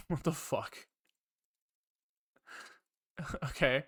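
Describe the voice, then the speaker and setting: A husky man with a medium pitch and a fairly bright tone speaks very slowly while livestreaming his coding session. He thinks out loud in a rambling, profane style, tossing wry remarks to his chat in this casual live-coding talk.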